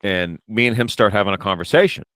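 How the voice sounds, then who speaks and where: A man hosting a podcast, telling stories in an animated, teasing way. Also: on the low side, quick pace, no room sound, studio quality. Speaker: podcast host. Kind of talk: casual podcast chat.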